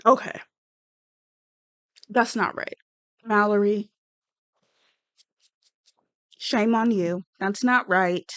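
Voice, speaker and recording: A woman's voice: mid-range voice, very slow, long pauses, a bit bright, dry recording. A woman giving blunt, rambling, sassy commentary on a reality show. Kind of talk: casual reaction commentary.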